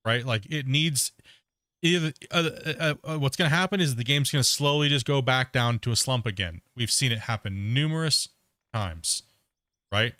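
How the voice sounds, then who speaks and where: Casual and meandering, this gaming livestream host chuckles at his own remarks and keeps calling people "bro," with plenty of "you know what I mean." He speaks in a mid-range voice with a sharp tone, captured in clean studio sound with no room echo.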